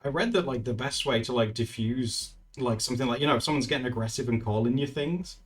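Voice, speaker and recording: Speaking quickly in a mid-range voice, a man chats casually on a live stream from his home, laughing often as he retells stories. Faint music plays in the background.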